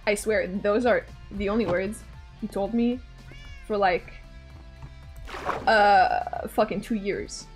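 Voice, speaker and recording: A young woman from Canada, a streamer telling a story in a casual, animated way, swearing and laughing often. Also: mid-range voice, slow, long pauses, soft background music. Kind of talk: casual storytelling while gaming.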